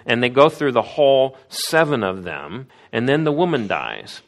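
A man's voice: medium pitch, very animated, moderate pace, few pauses. A man preaching a sermon in an emphatic way, acting out the voices of the people in the story he tells. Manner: acts out quoted voices, emphatic.

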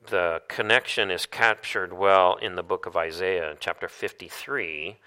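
A man's voice: sits low, fairly even intonation, unhurried, sharp tone, clear, resonant tone. A man preaching a sermon, reading Bible verses aloud and asking the listeners rhetorical questions.

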